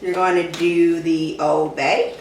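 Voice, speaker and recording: A young woman walks viewers through a recipe in her kitchen, talking loosely with lots of fillers and calling them y'all. She sounds far from the mic, in an echoey room with steady background noise. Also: on the low side, takes it slowly. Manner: chatty, filler-heavy, addresses viewers as y'all. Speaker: cooking vlogger. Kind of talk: casual cooking tutorial. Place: home kitchen.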